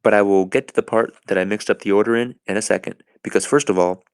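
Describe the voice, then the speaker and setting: A man's voice: fairly low pitch, steady tone, fast, clear, resonant tone, dry recording. A man hosting a podcast, retelling a film scene in a loose, rambling way with many fillers. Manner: casual, filler-heavy, rambling. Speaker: podcast host.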